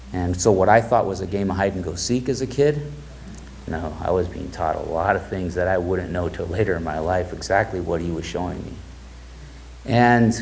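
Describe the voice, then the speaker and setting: A middle-aged man with a low, gravelly voice tells stories to a seated audience, easing into the voices of the people he quotes. The room behind him carries a faint hum. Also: low-quality recording. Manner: relaxed storyteller, acts out quoted dialogue. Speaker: guest speaker. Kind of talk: storytelling talk to an audience.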